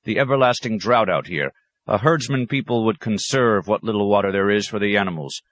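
A man voicing a clever male scholar who speaks in a courteous, measured, diplomatic way. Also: fairly low pitch, a bit bright, no echo, voice pushed up. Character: polite, clever male scholar, a traveling outsider.

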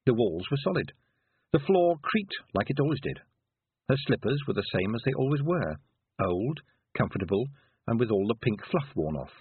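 Husky man narrating a story expressively. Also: on the low side, no echo. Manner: expressive storytelling with dramatic pauses. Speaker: audiobook narrator. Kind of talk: scripted narration. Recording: tinny, phone-like narrow sound.

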